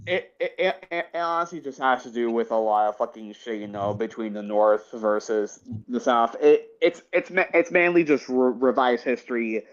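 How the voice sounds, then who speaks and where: Man, casual chat, halting, agreeable, sweary, medium pitch, muffled lo-fi mic.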